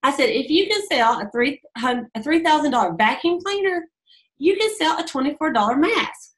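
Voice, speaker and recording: A woman's voice: high voice, lively intonation, moderate pace, low-quality recording. A middle-aged woman, chatting casually as a sales director and acting out conversations with customers as she tells stories. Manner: chatty storytelling, acts out dialogue, laughs often. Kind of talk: casual advice monologue.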